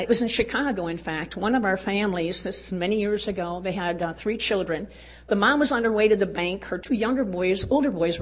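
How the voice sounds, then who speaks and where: Folksy woman storyteller at a podium. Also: mid-range voice. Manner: folksy, chuckles often. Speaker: women's conference speaker. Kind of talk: storytelling speech to a live audience.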